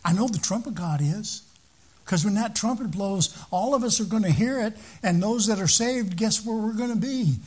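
A man preaches to his congregation in a high, somewhat husky voice. He speaks in a plain conversational way, often repeating a word or restarting a phrase before pressing his point. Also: normal speed, a little mellow. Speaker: pastor. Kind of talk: sermon.

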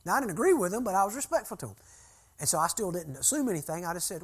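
A man's voice: sits high, sing-song, racing, breathy edge. An older man preaching to a group, telling a long story in a folksy, conversational way. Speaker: preacher and church consultant. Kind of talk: sermon-style teaching with storytelling.

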